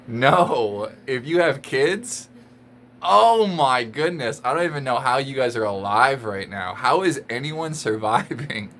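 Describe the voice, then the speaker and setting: A man's voice: medium pitch, lively intonation, a little slow, a bit bright. A man vlogging a casual rant to camera, exasperated and emphatic, often repeating his points and laughing between lines.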